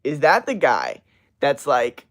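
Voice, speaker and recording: A man's voice: mid-range voice, wildly swooping pitch, slow pace, a bit bright. Profane, ranting male streamer. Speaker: livestream host. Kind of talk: livestream rant.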